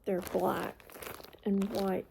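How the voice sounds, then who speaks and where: Woman vlogger at home, rambling chatty delivery with a gravelly edge, breaks into baby talk for her dogs. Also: medium pitch, extremely slow, darkish tone, slight background noise. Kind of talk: casual home vlog. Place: indoors at home.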